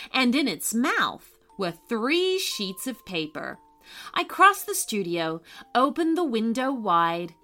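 A woman reading a children's story aloud as narrator, telling it with lively expression. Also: on the high side.

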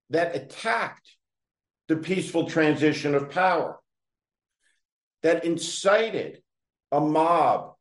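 A man talking slowly and deliberately in a higher-than-usual, lively voice, biting down hard on each word with open scorn. He is a political commentator launching a direct-address rant. The sound carries a roomy echo. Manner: scornful, emphatic, addresses his target directly.

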